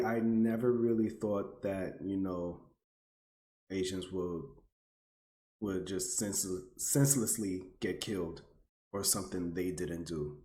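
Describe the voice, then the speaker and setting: A man with a very deep voice speaks slowly and haltingly, pausing to search for the right words. His voice rings with a roomy echo around him. The talk is earnest and casual. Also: mellow.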